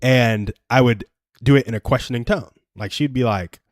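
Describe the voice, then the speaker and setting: A man's voice: medium pitch, normal speed, no echo. Earnest young man, dry close sound. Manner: earnest, storytelling, self-deprecating. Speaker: live stream host giving advice. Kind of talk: casual advice chat.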